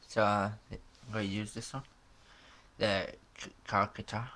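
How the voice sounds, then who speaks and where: A man reading a story game's narration aloud, in a flat, unhurried way with small stumbles and casual asides. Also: lowish voice, a little hiss or hum.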